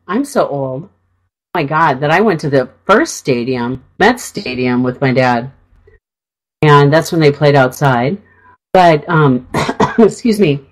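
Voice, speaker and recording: A middle-aged woman from Minnesota chatting on a radio show into a studio mic. Her voice sits a bit low but swings widely as she tells a rambling story full of fillers and restarts. She sounds congested from a sinus infection and keeps clearing her throat. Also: poor audio. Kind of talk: casual chat.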